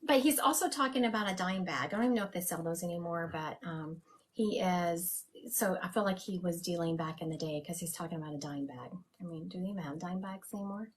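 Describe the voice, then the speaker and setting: A woman's voice: lowish voice, fast, a little hiss or hum. A woman hosting a live stream as a psychic medium, chatting casually and laughing at herself.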